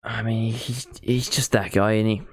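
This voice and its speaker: A man's voice: fairly low pitch, steady tone, moderate pace, creaky, dry recording, clean studio sound. A teenage man from Ireland with an Irish accent, chatting casually and self-mockingly while hosting a football watchalong stream. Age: teens. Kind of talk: casual live-stream chat.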